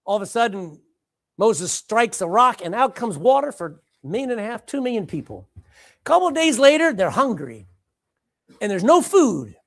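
A woman preaching a sermon, dramatic and animated, repeating phrases for emphasis and swinging between loud and hushed. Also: fairly high pitch, normal speed, dry recording, studio quality.

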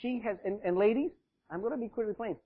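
A male pastor preaching a sermon, swinging between loud emphasis and hushed asides. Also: sits high, fast talker, slightly rough. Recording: dull, lo-fi sound.

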